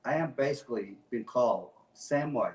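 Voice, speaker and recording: A man's voice: mid-range voice, animated, normal speed, darkish tone. Brief: impassioned male guest, emphatic repeats, roomy sound from a distance. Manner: passionate, emphatic, repeats phrases. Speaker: guest activist. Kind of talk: impassioned talk show speech.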